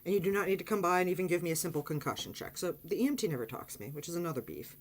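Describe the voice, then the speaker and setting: A woman casually telling a personal story on her vlog, animated and blunt, acting out quotes and swearing freely. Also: rapid-fire, a little hiss or hum. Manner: animated, swearing, acts out quotes in high excited voice. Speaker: vlogger.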